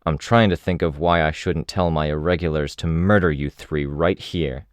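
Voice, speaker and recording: An actor reading a hostile, metal-skinned young team leader in an audiobook, speaking in a harsh, confrontational tone. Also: male voice, sits low, moderate pace, dry recording, close to an everyday voice.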